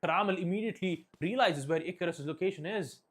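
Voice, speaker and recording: A man's voice: sits high, fast, husky. A man giving esports color commentary, analytical and prone to fillers. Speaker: esports caster.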